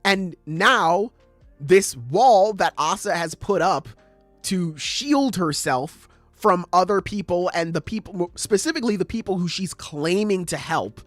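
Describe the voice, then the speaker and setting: Podcast host, male, higher-pitched, dry close sound, swearing and critical in a casual rant. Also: unhurried, no room sound, soft background music. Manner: animated, profane, critical ranting with acted quotes.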